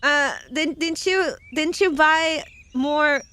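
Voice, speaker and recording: This virtual streamer is a young woman with a high, bright voice and a forceful tone, and she takes things slowly. In a casual stream she reads out tarot meanings, giggling often and drifting into playful asides.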